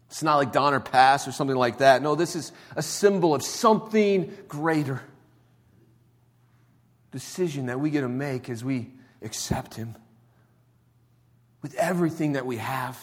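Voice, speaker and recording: A man preaching a sermon in a conversational style, dropping quiet and then rising to emphatic points. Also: medium pitch, normal speed, long pauses. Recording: long hall reverb.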